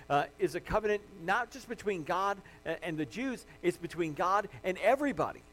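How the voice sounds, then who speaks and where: A man's voice: a little high, poor audio. A man preaching a sermon, earnest and building to impassioned emphasis as he goes. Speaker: pastor.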